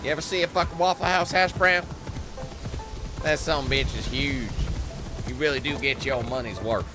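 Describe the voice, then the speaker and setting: A man's voice: medium pitch, normal speed. Rowdy profane man over game music. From Canada. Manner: profane, rambling and playful. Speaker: gaming commentator. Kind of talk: joking gameplay commentary. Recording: game music loud underneath.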